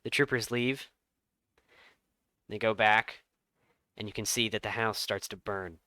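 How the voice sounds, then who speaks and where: A man runs a tabletop game, narrating each scene with measured, dramatic pauses. His voice is bright and crisp. The sound is dry and close to the mic. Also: on the low side, no room sound. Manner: lively storytelling with dramatic pauses. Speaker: game master.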